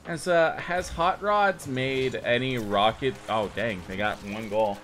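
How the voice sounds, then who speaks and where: Slow, rambling young man streaming a game. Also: medium pitch, slight background noise. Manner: rambling and self-mocking, with sudden excited outbursts. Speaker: gaming streamer. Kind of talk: casual live gameplay commentary.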